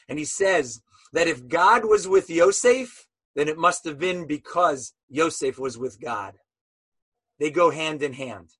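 A man's voice: on the high side, a bit bright, husky. A man teaching a Torah lesson as a sermon, telling stories animatedly and asking rhetorical questions.

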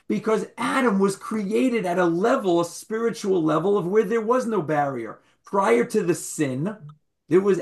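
Quizzing, wry male Torah teacher. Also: high-pitched. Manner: quizzes the audience, wry humorous asides; repeats key words for emphasis. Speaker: rabbi teaching a class. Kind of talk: Torah class lecture.

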